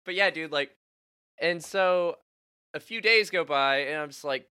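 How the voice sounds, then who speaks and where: A young man co-hosting a podcast, chatting casually and telling animated stories with lots of laughter and acted-out quotes. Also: a little high, measured pace, smooth, no echo, clean studio sound. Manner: laughs often, animated storytelling with voiced quotes. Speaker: podcast co-host. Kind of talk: casual chat.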